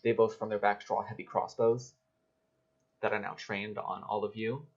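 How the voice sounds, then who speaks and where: Hesitant low-voiced man running a game. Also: fairly even intonation, moderate pace, gravelly. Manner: hesitant, full of fillers. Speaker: game master. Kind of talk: narrating a tabletop game. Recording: dull lo-fi recording.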